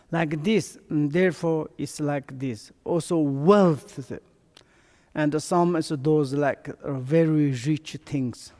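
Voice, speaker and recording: Man, Tibetan first language, Buddhist teacher, broken halting English, unhurried, long hall reverb. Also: on the high side, steady tone, mellow. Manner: broken non-native English, halting restarts. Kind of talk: dharma teaching.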